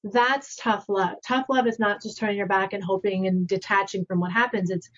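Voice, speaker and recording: A woman's voice: medium pitch, fairly even intonation, moderate pace, fairly bright tone, dull audio. A woman speaking earnestly on a remote panel, stressing and repeating key phrases, over a video call.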